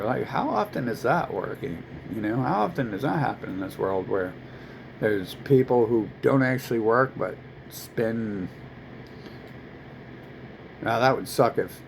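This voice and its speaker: A man rants in a casual, profane, rambling way to camera. His voice is gravelly with plenty of creak. A faint air-conditioner hum runs behind him. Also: medium pitch, darkish tone, poor audio.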